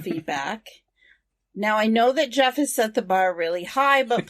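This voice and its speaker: Woman, podcast co-host, casual chat, earnest, medium pitch. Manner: earnest, reads the show's sign-off.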